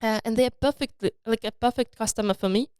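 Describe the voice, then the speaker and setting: Smooth-voiced woman founder, hesitant storytelling. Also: fairly high pitch, quick pace, no echo, studio quality. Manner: hesitant, many fillers and restarts, animated storytelling. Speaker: startup founder and CEO. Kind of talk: casual interview conversation.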